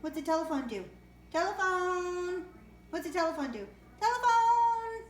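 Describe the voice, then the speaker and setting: A woman's voice: high-pitched, animated, racing. A woman talking to her pet bird in sing-song baby talk, coaxing and cooing at home. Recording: roomy with faint noise.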